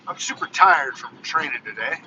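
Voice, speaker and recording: A man in his forties talking casually in a live vlog from his car, telling stories in an animated, ranting way. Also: on the high side, normal speed, a little hiss or hum. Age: 40s. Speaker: vlogger. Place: in a car on the road. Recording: dull lo-fi car recording with music. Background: techno music playing.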